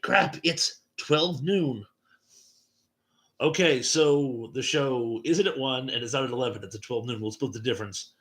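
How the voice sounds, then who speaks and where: A man's voice: medium pitch, pushed and bright. A man hosting a late-night livestream chat, reading viewer comments aloud and chuckling at them between replies.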